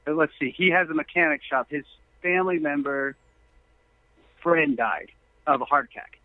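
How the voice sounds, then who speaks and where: A man phones in to a talk show, speaking by telephone in a slightly high voice at normal speed with no room sound. The line is tinny, and he spins long, earnest stories that go on and on.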